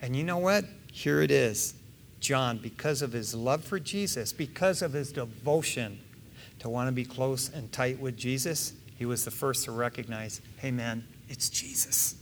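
A man preaching a sermon in a lively, conversational way, acting out the people in his story with slang. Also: mid-range voice, moderate pace, slight background noise. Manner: animated, acts out voices, conversational slang. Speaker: pastor.

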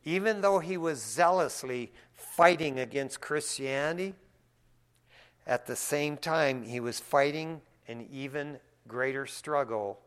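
In a church, a male pastor preaches a sermon, swinging from hushed asides to loud, excited preaching and often calling people "man" in a folksy way. His voice is fairly high, slow, clear, and resonant.

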